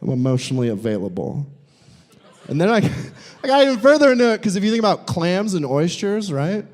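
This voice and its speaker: A young man performing a live stand-up set in a brewery, animated and jumping into squeaky voices for his bits. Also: brisk. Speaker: stand-up comedian. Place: brewery comedy show.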